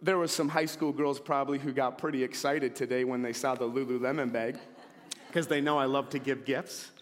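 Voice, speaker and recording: Animated preacher in a reverberant hall. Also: male voice, medium pitch, brisk. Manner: animated storyteller, acts out shouting scenes. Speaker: pastor. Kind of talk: sermon. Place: church sanctuary.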